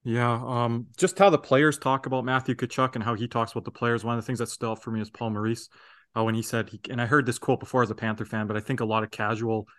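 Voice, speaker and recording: A man's voice: mid-range voice, little pitch movement, fast, a bit bright. A man co-hosting a fan podcast in casual sports chat, talking in a rambling, earnest way. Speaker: podcast co-host.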